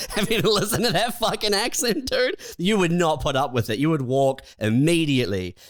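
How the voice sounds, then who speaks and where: A man's voice: a little high, moderate pace, no room sound, clean studio sound. A man co-hosting a comedy podcast, chatting casually with wry jokes and frequent laughter. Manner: wry, laughs often, lively delivery. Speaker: podcast co-host.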